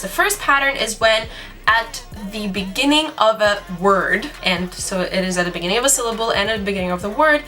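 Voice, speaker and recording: Young woman teacher, bright tone, chatty and giggly, soft music underneath. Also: fairly high pitch. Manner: chatty, giggly, demonstrates sounds out loud. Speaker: language teacher. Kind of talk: casual video lesson.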